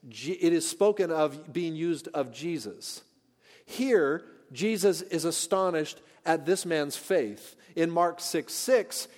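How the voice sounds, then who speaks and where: A man preaching a sermon as pastor, earnest and questioning, swinging from loud to hushed. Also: on the high side. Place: church sanctuary. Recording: long church reverb.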